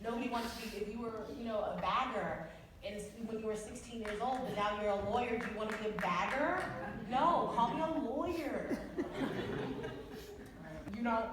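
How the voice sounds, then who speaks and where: A woman in her thirties on a book tour, telling stories casually to a live audience, laughing often and jumping up in pitch when exasperated. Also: moderate pace. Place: event hall with an audience. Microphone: audience camera recording from afar. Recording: echoey hall recorded from far off with crowd noise.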